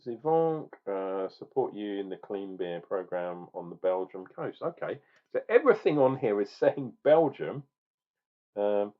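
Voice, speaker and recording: A man's voice: fairly low pitch, highs cut off. A man doing a casual beer review video, rambling with restarts and growing exasperated as he rants.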